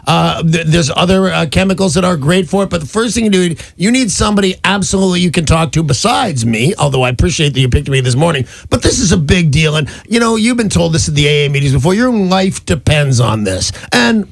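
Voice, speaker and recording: A man's voice: a little high, expressive, brisk, vocal fry, hardly any pauses, dry recording. A man hosting a call-in radio advice show, talking to a caller in a frank, blunt, matey way. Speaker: radio host giving advice. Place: radio studio. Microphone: studio microphone.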